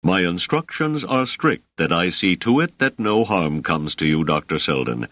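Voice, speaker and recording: A man voicing a stolid, literal-minded big male sergeant who speaks in a slow, rumbling, formal way. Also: sing-song, fairly bright tone, no room sound, lo-fi sound, exaggerated voice.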